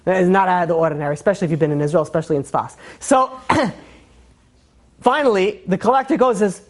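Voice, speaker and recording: This rabbi's sermon story is lively, with the characters acted out and lots of fillers and restarts. He speaks in a high voice at a quick pace.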